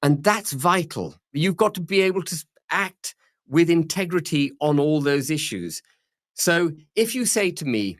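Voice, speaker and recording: A man's voice: fairly high pitch, animated, measured pace, no room sound, clean studio sound. A man, interviewed as a politician, arguing firmly and repeating key phrases for emphasis. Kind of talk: measured political argument.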